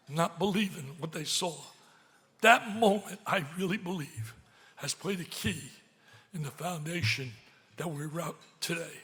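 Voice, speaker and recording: Emphatic older man in echoing hall. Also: sits high. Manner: emphatic, swings from loud excitement to hushed pleading. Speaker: speaker at a charity gala. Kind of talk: emotional gala speech. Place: large banquet hall. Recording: reverberant banquet hall.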